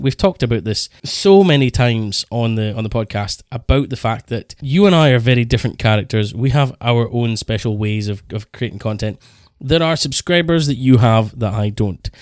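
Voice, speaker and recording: A man co-hosting a chatty podcast, rambling through his stories with quick self-corrections. His voice sits at a middling pitch, and the room is dry and close. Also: dry recording. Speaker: podcast co-host. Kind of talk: casual podcast chat.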